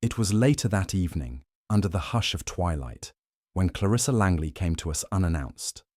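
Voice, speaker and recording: Casual: man narrating an old-style mystery audiobook, deep voice, steady, dry close mic. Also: no room sound. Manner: measured, even storytelling. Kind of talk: scripted first-person narration.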